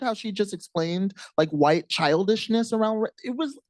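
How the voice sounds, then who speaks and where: An American man, a writer and co-teacher, talking casually and emphatically onstage, swinging high and swearing. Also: animated, normal speed, darkish tone, no echo. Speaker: writer and co-teacher at a panel talk.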